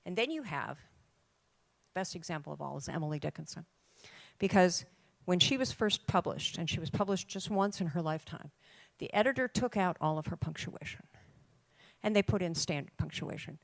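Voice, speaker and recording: An older woman giving an emphatic, lively talk to a room of writers, with dramatic pauses. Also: lowish voice, vocal fry, no room sound. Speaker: conference speaker. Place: conference room.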